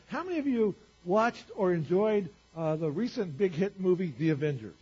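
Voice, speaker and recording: A male pastor preaching a sermon to a congregation, talking conversationally with rhetorical questions and swinging from loud to quiet. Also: high voice, animated, normal speed, breathy edge. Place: church. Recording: dull lo-fi church recording.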